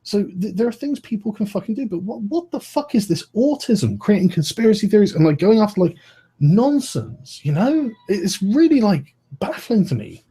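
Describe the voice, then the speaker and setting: A man in his thirties argues on a live stream, his voice high and very lively as his pitch swings around. He talks fast and heatedly, swears freely and keeps cutting his own sentences short. His tone is dark and a little husky. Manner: swears a lot, rants, interrupts himself.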